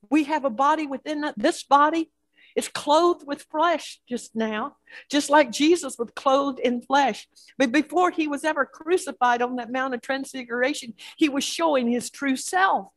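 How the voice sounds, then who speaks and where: A woman's voice: high-pitched, no echo. A woman pastor preaching a sermon with a repetitive, building cadence.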